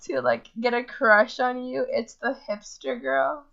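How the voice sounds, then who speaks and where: A young woman makes sarcastic, teasing remarks on a casual podcast. She talks slowly in a fairly high voice with a gravelly fry. The recording is dull and lo-fi. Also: steady tone, fairly bright tone. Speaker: podcast co-host. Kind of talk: casual chat. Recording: dull lo-fi sound.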